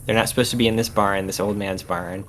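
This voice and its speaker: A man's voice: fairly low pitch, fairly even intonation, fast talker, fairly bright tone, a little hiss or hum. A man in casual chat, retelling a story in an easygoing, plain way.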